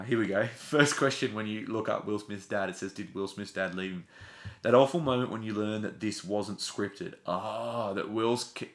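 A man chatting casually and retelling a scene with lively acted-out quotes. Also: fairly low pitch, reverberant. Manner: animated storyteller, acts out quotes. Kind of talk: casual podcast chat.

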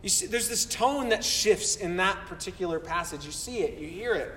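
A man preaching to his congregation, his voice pitched notably high. He speaks earnestly and doubles back on words when he presses a point. The sound comes from a distance and rings through a large, reverberant sanctuary. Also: lively intonation, moderate pace, a bit bright, a little hiss or hum. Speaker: pastor. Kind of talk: sermon. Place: church sanctuary. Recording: roomy hall from far off.

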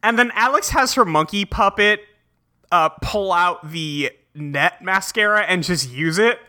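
Male podcast co-host, very bright tone, casual chatty plot recap. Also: high-pitched, lively intonation, measured pace. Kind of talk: casual chat recapping a cartoon.

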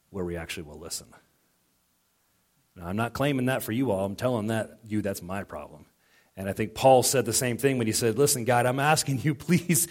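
A middle-aged pastor with a lowish voice delivers a conversational sermon. He shares personal stories and acts out the dialogue he quotes.

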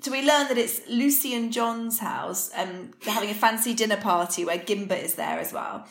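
A woman's voice: fairly high pitch, moderate pace, gravelly. Chatty woman in a roomy space. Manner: chatty, recaps from her notes with filler words. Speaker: podcast co-host. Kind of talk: casual chat recapping a TV episode.

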